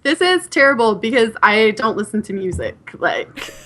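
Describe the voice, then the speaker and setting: A woman in her twenties guesting on a casual podcast, with a slightly high voice. She giggles and talks herself down as she answers. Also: very animated, moderate pace, pushed and bright, a little hiss or hum. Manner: giggly, self-deprecating. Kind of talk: casual chat.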